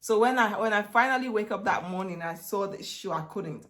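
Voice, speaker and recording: A woman in her thirties chatting excitedly and rambling in a casual try-on haul vlog at home. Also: medium pitch, fairly quick, hardly any pauses. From Netherlands. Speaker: beauty vlogger. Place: home room. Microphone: camera set down, handheld mic removed.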